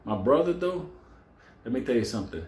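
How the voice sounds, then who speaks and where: Animated New man telling a story. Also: medium pitch, fairly quick, reverberant. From New York City. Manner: animated, laughs a lot, acts out quotes. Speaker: storyteller vlogger. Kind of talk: profane casual storytelling.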